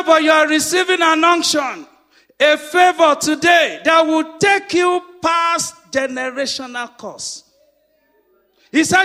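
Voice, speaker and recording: In a hall full of echo, a middle-aged pastor with a very high-pitched voice delivers his sermon. He calls on the congregation to repeat his words, and his preaching climbs into shouts.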